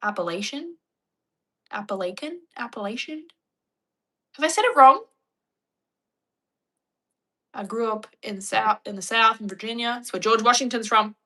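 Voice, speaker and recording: A woman's voice: a little high, lively intonation, fairly quick, few pauses, bright, forceful tone. A woman, chatting playfully with her stream viewers and laughing often. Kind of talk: casual chat.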